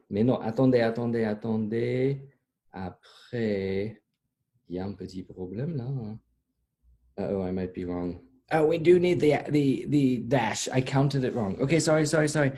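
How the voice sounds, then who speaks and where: A man teaching a French vocabulary lesson, slowly repeating each word for learners and mixing in English explanations. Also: lowish voice, dark tone. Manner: slow, patient repetition of words for learners to echo. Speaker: language teacher.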